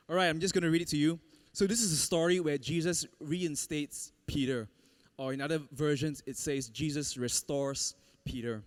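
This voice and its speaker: Male preacher, lively storytelling sermon, fairly high voice. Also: moderate pace. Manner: animated storytelling, laughs often, acts out quotes. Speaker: pastor.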